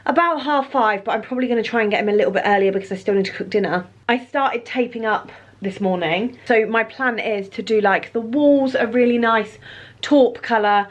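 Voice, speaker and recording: A woman's voice: a little high, a little fast, highs cut off. Woman, British accent, thirties, casual vlog, chatty, self-deprecating. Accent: British English. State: pregnant. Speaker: vlogger. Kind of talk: casual vlog chat to camera.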